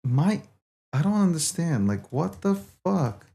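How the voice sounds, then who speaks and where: A man's voice: a little high, big pitch swings, unhurried, vocal fry, mellow. A man hosting a livestream, talking casually to his viewers and swearing in exasperation as he repeats himself. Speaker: livestream host.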